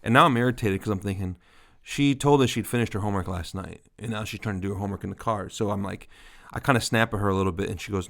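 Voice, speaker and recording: In a laid-back ministry podcast conversation, a male co-host in his thirties tells a story while laughing at himself plenty. He talks rapid-fire in a lowish, fairly bright voice with fairly even intonation.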